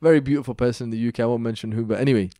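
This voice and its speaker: A young man tells a story as a podcast guest. His talk runs quick, loose and casual, with slang and fillers. The sound is close and dry, with no room echo. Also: medium pitch. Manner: lively, chatty, with slang and lots of fillers. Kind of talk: animated storytelling in casual chat.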